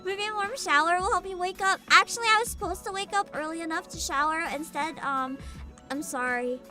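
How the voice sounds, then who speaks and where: A woman's voice: very high-pitched, fairly quick, pushed and bright, faint music behind. A young woman hosting a casual VTuber livestream, sleepy and giggly, reading chat aloud. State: sleepy and tired.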